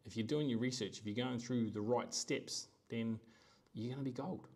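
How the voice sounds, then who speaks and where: A man's voice: mid-range voice, normal speed, a little mellow. A middle-aged man hosting a live-stream, talking casually and animatedly, slipping into quoted voices. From New Zealand. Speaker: host.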